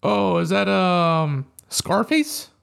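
A man's voice: high-pitched, slow, gravelly, loud music behind the voice. A man co-hosting a podcast, chatting casually and hesitantly about movies. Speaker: podcast co-host. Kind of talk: casual chat.

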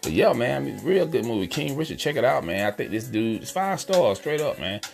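A man's voice: medium pitch, big pitch swings, fairly quick, creaky, soft background music. A man hosting a podcast, chatting casually and slangily about a movie he watched, talking straight to his listeners. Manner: laid-back, slangy, talks to listeners as y'all. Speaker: podcast host. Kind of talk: casual movie review chat.

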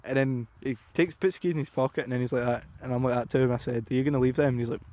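A young man, a podcast guest telling stories in casual chat, sweary and animated, tagging lines with "right?". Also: medium pitch, racing, no room sound, lo-fi sound.

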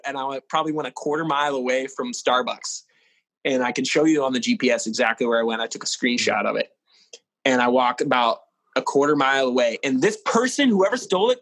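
A young man casually telling a personal story as an interview guest, in an animated way and with lots of "like". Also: mid-range voice, no echo, low-quality recording. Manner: animated, fills speech with "like".

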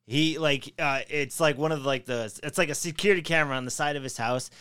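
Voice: mid-range voice, a little fast, clean tone. A podcast co-host telling funny stories in casual chat, swearing and laughing. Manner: animated storyteller, swears, laughs while talking.

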